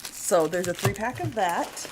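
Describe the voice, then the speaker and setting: A woman's voice: medium pitch, expressive, measured pace, noisy background. A woman co-hosting a painting stream, giggly and chatty, talking to viewers while opening gifts. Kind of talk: casual chat while unwrapping gifts.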